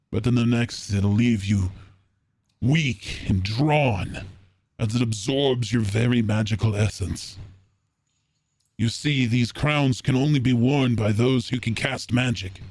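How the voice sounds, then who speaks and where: A man, the dungeon master, playing a cautious, secretive spy master who speaks in measured, weary tones. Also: mid-range voice, darkish tone, breathy edge, no echo. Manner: measured, grave, weary sighs. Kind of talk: tabletop role-play voice acting.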